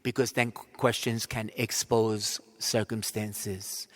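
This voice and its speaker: A male priest preaching a retreat talk in a large church, telling the story animatedly. He swings from loud bursts to near whispers. His voice is bright and forceful, with a long reverb trailing behind it. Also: medium pitch, unhurried. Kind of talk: retreat sermon.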